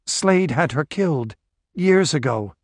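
A male narrator raises his voice to play a terrified woman who begs and sobs through every answer. Her pleading is pitched above his own speaking voice, and the recording is close and dry. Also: expressive, a little slow, dry recording. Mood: frightened. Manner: desperate, sobbing pleas.

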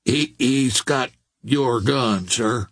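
A man reading as a timid deckhand who stammers and drags his words very slowly. His husky voice hesitates between phrases, like a sailor in an old sea storybook. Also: medium pitch, dry recording, studio quality, exaggerated voice. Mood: hesitant. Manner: halting, stammering, rough dialect.

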